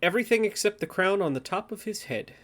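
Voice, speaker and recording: A game master describing a scene to the players in an unhurried, descriptive way. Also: medium pitch, expressive, fairly bright tone. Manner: unhurried, descriptive, laughs easily. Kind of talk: tabletop game narration.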